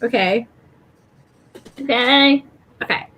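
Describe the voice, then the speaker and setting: A tipsy woman with an Irish accent cohosting a casual livestream chat, giggly and halting, often breaking off mid-sentence. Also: a little high, slightly rough, highs cut off. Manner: giggly, halting, self-interrupting.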